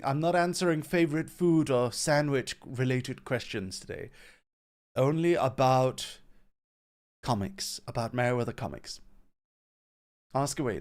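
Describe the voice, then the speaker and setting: A man running a casual livestream Q&A as a company CEO, relaxed and rambling as he reads viewer questions aloud and answers them. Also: fairly high pitch, clean tone.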